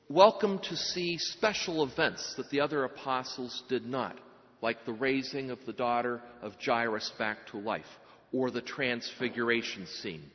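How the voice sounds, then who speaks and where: A man giving a sermon, retelling a gospel story earnestly with dramatic pauses. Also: mid-range voice, big-room sound, dull audio. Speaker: preacher.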